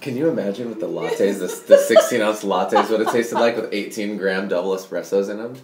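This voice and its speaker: A man's voice: fairly low pitch, fairly quick, very noisy. A man chatting casually as a guest on a podcast, laid-back and jokey, often trailing off mid-sentence. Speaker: podcast guest, coffee business owner. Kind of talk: casual chat. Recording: echoey room.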